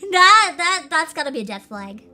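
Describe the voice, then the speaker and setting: Bubbly young woman gaming streamer, super high bright voice, giggles a lot, all over the place pitch-wise. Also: big pitch swings. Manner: giggly, bubbly, quick asides. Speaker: streamer playing a game. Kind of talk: casual let's-play commentary.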